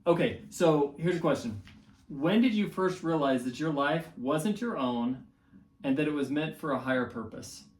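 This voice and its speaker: A man's voice: on the high side, moderate pace. A man hosting an interview, affirming his guest with short agreements and asking questions. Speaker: podcast host. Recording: roomy echo.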